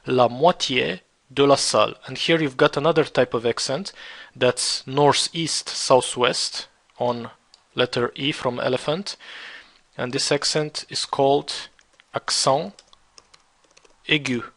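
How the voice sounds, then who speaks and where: Slow, gravelly man teaching a lesson. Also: mid-range voice, fairly bright tone. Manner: slow, repetitive, spells words out letter by letter. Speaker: French teacher. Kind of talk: slow beginner language lesson.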